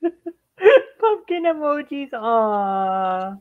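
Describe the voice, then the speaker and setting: A woman's voice: high voice, sing-song, narrow, tinny audio. A woman co-hosting a live stream in casual chat, giggly and easygoing. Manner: giggly and unhurried. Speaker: stream co-host.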